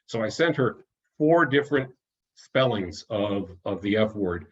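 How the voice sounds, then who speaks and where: A man's voice: lowish voice, lively intonation, a little slow, husky, highs cut off. A man giving an online talk as an author, telling anecdotes in a chatty way, often restarting and chuckling at his own stories.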